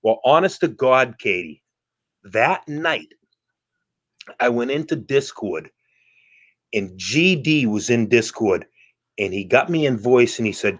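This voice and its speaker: A man's voice: medium pitch, lively intonation, takes it slowly, pauses often, fairly bright tone. A man hosting a casual online panel, telling a story in an emphatic, profane way. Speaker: live streamer hosting a panel.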